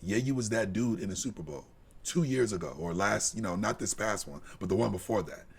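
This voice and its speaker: A man co-hosting a live sports podcast, delivering a heated, profane rant that drops to low mutters and climbs to shouts. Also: fairly quick, creaky, breathy edge. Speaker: podcast co-host.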